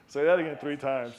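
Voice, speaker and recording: A male host with a fairly high voice who talks slowly. He jokes his way through retakes and laughs at his own mistakes. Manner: jokey, laughing at own flubs. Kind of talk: casual show hosting with bloopers.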